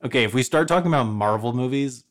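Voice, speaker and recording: A man's voice: mid-range voice, quick pace. A man in his twenties with an American accent, co-hosting a casual podcast in a dry, self-deprecating way. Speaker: podcast co-host. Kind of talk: casual chat.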